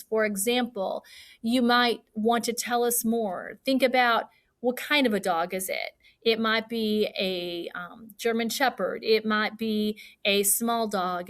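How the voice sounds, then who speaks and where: Woman, fourth grade teacher, patient and clear, recorded lesson, mid-range voice. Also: medium pitch, a bit bright. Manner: patient, clear, acts out example sentences with feeling. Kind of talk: recorded remote lesson for children.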